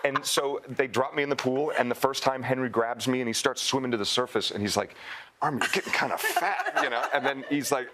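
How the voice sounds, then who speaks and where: A man guest on a talk show, telling stories in an animated way and acting out other people. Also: mid-range voice, quick pace, few pauses, noisy background. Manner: animated storyteller, acts out others. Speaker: actor guest.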